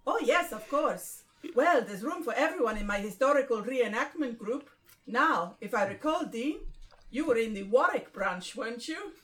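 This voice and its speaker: A woman playing a jovial Spanish club leader who welcomes newcomers with chummy self-importance in a comedy sketch. The put-on accent rides a bright, animated voice that jumps around in pitch, pitched a touch high. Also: normal speed. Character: cheerful Spanish man Gary, reenactment group leader.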